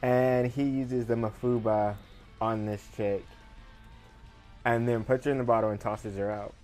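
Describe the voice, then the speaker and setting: A man's voice: medium pitch, fairly even intonation, unhurried, a little mellow, faint music behind, rough recording. A man casually recapping an anime episode for his video review, rambling with lots of fillers and paraphrased quotes.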